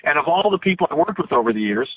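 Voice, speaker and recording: Man in his 50s rambling earnestly over a phone line, kinda high voice, dry tinny sound. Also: big pitch swings, very fast, breathy edge, dry recording. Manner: earnest, rambling, many restarts. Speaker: interview guest. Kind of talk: earnest storytelling on a call-in radio show.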